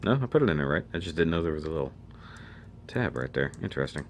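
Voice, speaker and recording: A man's voice: a bass voice, sing-song, quick pace, a little hiss or hum. A man giving a casual model kit review, chatty and thinking aloud as he handles the pieces.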